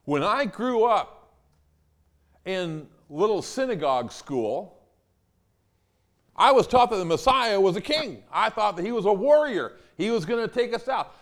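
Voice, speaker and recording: A male pastor delivers a sermon with a high voice. He speaks with a lot of swing and emphasis, and he acts out the lines he quotes. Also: measured pace, pauses often. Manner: animated, emphatic preaching with acted-out quotes.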